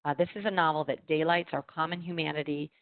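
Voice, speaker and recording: A woman with a low voice talks through book picks in a relaxed chat, filling pauses with ums and uhs. The sound is dry and tinny, like a video call. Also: no echo. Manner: reads blurbs with frequent ums and uhs. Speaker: library marketing host. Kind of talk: casual book recommendation chat.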